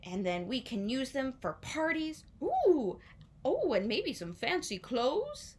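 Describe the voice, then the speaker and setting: A woman's voice: high-pitched, very animated, measured pace, pitched above the performer's own voice, full character voice. A woman voicing a greedy, scheming male sheriff who gloats and coos over riches in a storybook.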